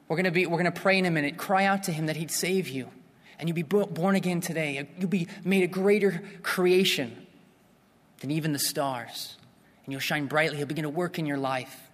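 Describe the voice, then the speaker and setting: Earnest preacher in a reverberant hall. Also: male voice, a little high, fairly even intonation, a little fast, fairly bright tone. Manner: earnest, builds to impassioned appeals; repeats and restarts phrases. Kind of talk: evangelistic sermon.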